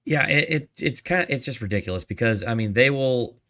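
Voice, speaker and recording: A man's voice: medium pitch, lively intonation, fairly quick, sharp tone. A man who is a guest on a podcast, chatting over a video call and airing emphatic, exasperated opinions. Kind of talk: casual chat.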